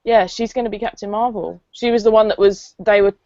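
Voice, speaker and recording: An eager woman co-host chats about comic news and laughs often. Her voice has a middle pitch. The line sounds dry and muffled. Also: steady tone, dark tone, dry recording. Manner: enthusiastic, quick to laugh. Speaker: podcast co-host. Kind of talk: casual chat.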